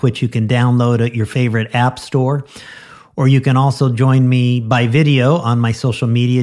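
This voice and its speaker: A man's voice: mid-range voice, darkish tone. A man who is a pastor and podcast host, delivering an earnest devotional sermon with emphatic, repetitive rhetoric.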